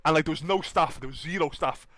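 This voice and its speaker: Excitable young-sounding man spinning a wild anecdote, high voice, keeps tagging lines with bro. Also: fast, dry recording. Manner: excitable, repeats filler tags like bro and you understand. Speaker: storyteller in a played clip. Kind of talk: animated anecdote telling.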